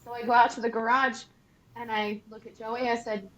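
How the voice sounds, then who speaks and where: A woman hosting a podcast, telling a story in casual chat. She swears freely and gets loud and animated. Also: on the high side, normal speed, poor audio. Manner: animated, swears freely, bursts into loud shouting when quoting. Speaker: podcast host.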